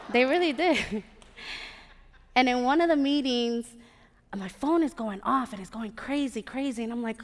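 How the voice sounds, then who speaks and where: Sassy Puerto Rican-born woman telling a story on stage. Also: fairly high pitch. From Puerto Rico. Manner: animated, sassy asides to the audience. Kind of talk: live storytelling performance. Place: large theater stage. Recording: live theater with long reverb.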